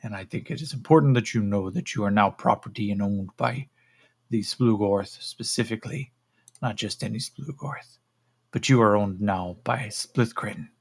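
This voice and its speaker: A man's voice: on the low side, vocal fry, breathy edge. Man doing a cold chimpanzee-like alien slaver. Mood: condescending. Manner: slow, clipped, clinical and dismissive.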